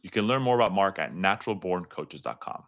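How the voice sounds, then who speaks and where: A man hosts an interview and introduces his guest. He asks easygoing questions with lots of fillers. His voice sits low. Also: animated, brisk, vocal fry, a bit bright. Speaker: podcast host, interviewer. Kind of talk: casual interview talk.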